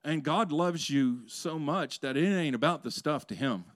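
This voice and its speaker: A male pastor preaching a conversational sermon that swells into loud, passionate peaks. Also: a little high, normal speed, dry recording.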